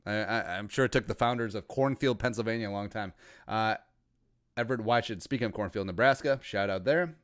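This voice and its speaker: Speaking briskly in a fairly low voice, a thirtysomething podcast host from Minnesota runs a loose livestream, rambling and joking with crude side comments.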